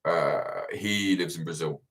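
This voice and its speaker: A man hosting a livestream Q&A, chatting casually, swearing freely and rambling with lively energy. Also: a bass voice, measured pace. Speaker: host of livestream Q&A.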